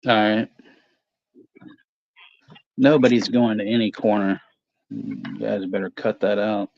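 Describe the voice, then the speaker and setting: A man co-hosting a casual movie watch-along stream, telling stories in a halting, rambling way full of fillers. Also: lowish voice, little pitch movement, creaky. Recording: dull lo-fi stream audio.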